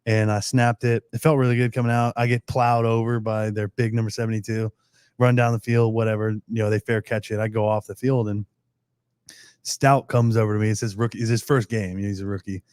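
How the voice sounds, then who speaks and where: A man's voice: lowish voice, brisk, clean tone, dry recording. Dry-sounding man telling stories casually. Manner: animated storytelling with acted-out quotes. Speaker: pro football long snapper guest. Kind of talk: casual podcast chat.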